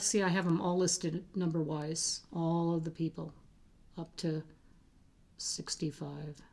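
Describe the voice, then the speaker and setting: A woman with a low-pitched voice chats casually to her vlog viewers. She talks in a halting, unpolished way, pausing on fillers and restarting her sentences. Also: a little mellow. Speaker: cross-stitch vlogger. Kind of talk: casual chat to camera.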